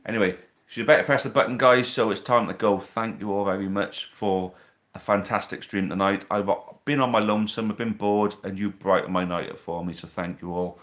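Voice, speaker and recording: Male host, slightly low voice, casual banter with viewers, phone mic at home. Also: steady tone, a little fast, hardly any pauses, fairly bright tone. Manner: chatty, reads out viewer questions, teasing banter. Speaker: live stream host. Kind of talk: casual live stream chat. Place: living room at home. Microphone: phone on a tripod.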